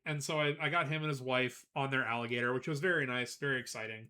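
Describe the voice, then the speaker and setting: Bright-voiced man telling a rambling story. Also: mid-range voice, quick pace, clean tone. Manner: rambling, animated storytelling with frequent laughs; greets chat viewers between anecdotes. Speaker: streamer. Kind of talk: casual live-stream chat.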